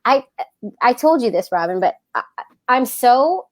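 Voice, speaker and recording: A woman, co-hosting a casual podcast chat, telling animated stories and acting out her toddler. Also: a little high, a little slow. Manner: animated storytelling, laughs often, acts out her toddler. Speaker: podcast co-host.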